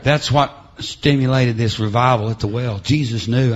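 A middle-aged man preaching a revival sermon in a church over a PA. He punctuates his lines with "uh, amen" and "huh?" and swings between shouted preaching and quiet storytelling. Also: medium pitch, normal speed, highs cut off. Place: church sanctuary with PA.

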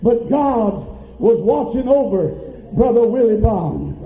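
A man preaching as pastor, telling a story with mounting fervor and drawn-out emphasis. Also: very high voice, lively intonation. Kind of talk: sermon. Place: church sanctuary. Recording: echoey church, tinny phone-like audio.

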